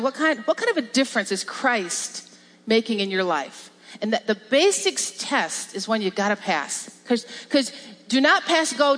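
A woman pastor giving a lively, emphatic sermon with repetition and laughs. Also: a little high. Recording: long reverb of a large hall.

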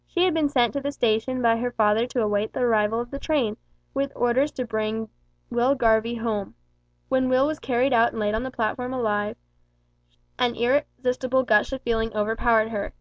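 A woman reads a novel aloud in a steady, measured manner. Her voice sits somewhat high. The recording is dry and a little dull. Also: no room sound. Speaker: audiobook reader. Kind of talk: scripted narration.

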